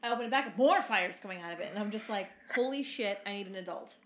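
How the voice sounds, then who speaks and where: A young woman in her twenties tells a story at a quick clip, rambling and filler-heavy, with casual swearing. Her voice sits mid-range, and the room rings with noticeable echo. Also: mid-range voice, crowd noise. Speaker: podcast co-host. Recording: roomy echo.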